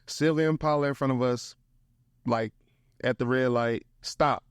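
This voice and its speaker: A young man with a St. tells a story in a lively, slangy way, his voice sitting in the middle range. The sound is close and dry, with no room echo. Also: mid-range voice, unhurried, clear, resonant tone. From St. Louis, USA. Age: young adult. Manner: animated, slangy, peppers speech with "bro". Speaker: guest, motivational speaker. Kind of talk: casual storytelling.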